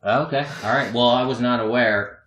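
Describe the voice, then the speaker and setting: A man's voice: mid-range voice, moderate pace, a crowd in the background. A man co-hosting a podcast, telling a long self-mocking story in a rambling, casual way and laughing often. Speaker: podcast co-host. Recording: echoey room.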